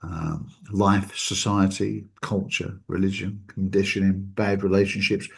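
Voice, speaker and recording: A man's voice: low voice, little pitch movement, a little slow, creaky. A man hosting a reflective talk show, speaking loosely and conversationally, with frequent fillers and chuckles, acting out the people he quotes. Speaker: podcast host.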